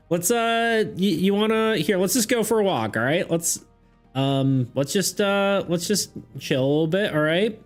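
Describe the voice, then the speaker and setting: A man plays a caring young adventurer with a lifted, gentle voice, talking soft and steady to calm a shaken friend. He repeats his reassurances over and over, patient and a little worried. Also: on the high side, normal speed, soft background music. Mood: soothing. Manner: soothing, reassuring, repeats himself.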